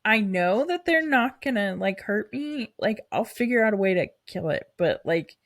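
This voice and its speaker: A woman's voice: medium pitch, lively intonation, moderate pace, dry recording, clean studio sound. A young woman co-hosting a casual podcast, telling rambling stories with lots of fillers over a remote recording. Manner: rambling storyteller, many fillers. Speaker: podcast co-host. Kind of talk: casual chat.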